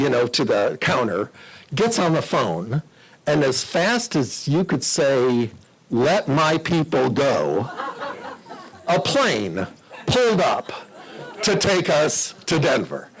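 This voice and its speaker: A man's voice: on the high side, breathy edge, poor audio. An older man giving a talk to a club, telling chatty anecdotes and acting out the voices of the people in them. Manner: chatty, animated, acts out quoted voices. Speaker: guest speaker at a club meeting.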